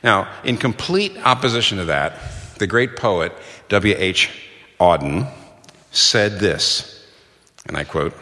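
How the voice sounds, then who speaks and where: A middle-aged male preacher with a fairly low, bright, forceful voice, delivering an earnest sermon. He leans on key phrases, repeating and quoting them for emphasis. His voice rings with the long reverb of a large hall. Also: expressive, takes it slowly, pauses often.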